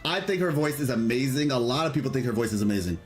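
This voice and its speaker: A man's voice: medium pitch, expressive, fast. A male gaming streamer talks in a casual, rambling way, reacting to the game and reading his chat aloud. His voice sits mid-range, with faint music playing behind him. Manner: chatty, rambling, enthusiastic, reads chat aloud.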